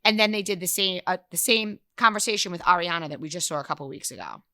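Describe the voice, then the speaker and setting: Bright-voiced woman recapping gossip. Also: on the low side, lively intonation. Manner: brisk storytelling recap, blunt. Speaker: podcast co-host. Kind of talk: casual gossip chat.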